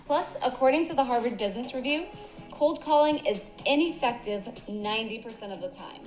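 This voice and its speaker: A woman with a slightly high voice narrates a corporate sales training video in a polished, upbeat, instructional tone. The recording is roomy and echoey, with faint music underneath. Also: fairly quick.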